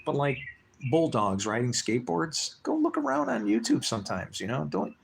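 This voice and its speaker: A man with a gravelly, fry-laced voice talks off the cuff on his live stream. His pitch swings widely as he wanders from one thought to the next. He curses casually and chuckles under his breath, and a faint hiss sits under the talk. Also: very animated, normal speed. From United States. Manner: rambling, profane, laughs between thoughts. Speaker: livestream host. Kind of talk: rambling live-stream monologue.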